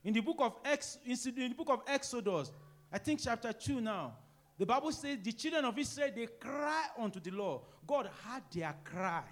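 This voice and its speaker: A middle-aged man preaching a sermon, swinging between loud emphatic rises and quiet, low asides. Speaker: pastor.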